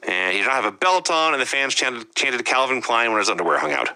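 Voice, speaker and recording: A man's voice: medium pitch, lively intonation, fast, sharp tone, clear, resonant tone, low-quality recording. A man co-hosting a wrestling review show, recapping events in a wry, casual way. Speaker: podcast co-host.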